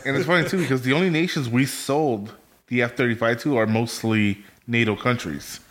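A man's voice: mid-range voice, a little fast, a bit bright. A man co-hosting a podcast, telling anecdotes in a casual chat and laughing at his own jokes. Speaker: podcast co-host.

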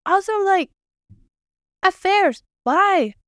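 A woman's voice: extremely high pitch, animated, very slow, a bit bright, no echo, clean studio sound. A woman co-hosting a casual podcast, ranting bluntly and emphatically about relationships, with some swearing. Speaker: podcast co-host. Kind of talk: casual chat, opinionated rant.

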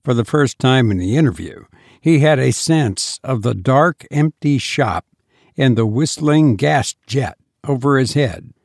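Male narrator, slow measured storybook reading, gravelly, dry close sound. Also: mid-range voice, expressive, a little mellow, dry recording.

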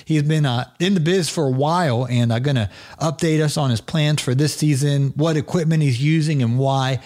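A man's voice: a little high, moderate pace, darkish tone. A man hosting a podcast, talking in a loose, friendly and teasing way, full of fillers and restarts. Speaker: podcast host. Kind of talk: casual podcast chat. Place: in Georgia.

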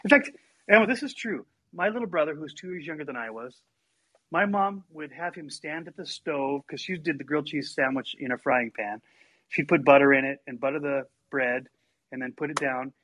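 An older man with a husky voice, telling stories from his childhood in a casual chat and acting out his family members in livelier voices. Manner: animated, acts out family members in higher voices. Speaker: storyteller guest.

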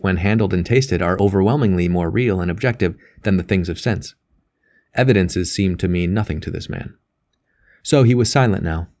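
A man reading a novel aloud as an audiobook narrator, in measured scripted narration. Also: lowish voice, darkish tone.

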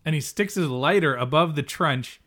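Chatty man recapping a show, slightly high. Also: a bit bright. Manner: chatty, recounts scenes with quick impressions. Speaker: podcast co-host. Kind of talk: casual recap chat.

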